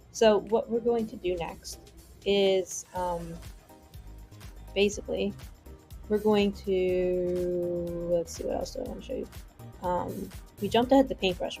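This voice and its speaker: A woman hosting a casual software tutorial, chatty and rambling with playful asides. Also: medium pitch, gravelly. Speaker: tutorial host.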